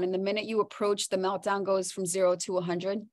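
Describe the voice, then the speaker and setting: A woman co-hosting a podcast in casual chat, telling animated stories that jump high when she laughs. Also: fairly quick, hardly any pauses. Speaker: podcast co-host.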